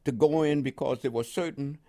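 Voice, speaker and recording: A man's voice: mid-range voice, a little fast, mellow. An older man from the United States, telling long rambling stories in a radio interview, with many fillers. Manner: rambling storytelling with frequent fillers. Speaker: guest.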